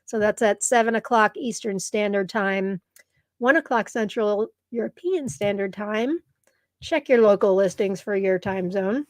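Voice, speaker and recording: A woman's voice: mid-range voice, measured pace, no echo. A woman hosting a live stream in casual chat, gushing and reading viewer comments aloud, tearful at times. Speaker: live show host.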